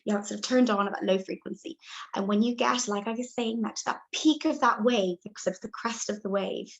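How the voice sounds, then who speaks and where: A woman's voice: medium pitch, fairly quick, gravelly, low-quality recording. A woman, a birth educator, giving a chatty, reassuring live demonstration and showing each step as she talks.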